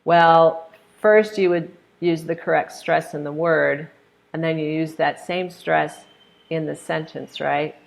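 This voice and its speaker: A woman's voice: sits low, steady tone, slow, vocal fry. A woman with an American accent teaching pronunciation in a live online webinar, explaining with examples and answering viewers' questions in a friendly way.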